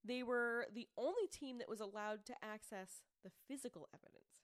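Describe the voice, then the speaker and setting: A woman's voice: on the high side, normal speed, dry recording, clean studio sound. A woman co-hosting a podcast, telling a true-crime case in casual chat and acting out quoted people. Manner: chatty storyteller, animated quoted voices, frequent "like" and "um". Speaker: podcast co-host presenting the case.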